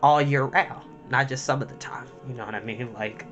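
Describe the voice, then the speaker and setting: A man's voice: medium pitch, moderate pace, lo-fi sound, over loud music. A young man talking to camera as a storytime host, emotional and heartfelt, chatty and full of fillers. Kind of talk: personal talk to camera.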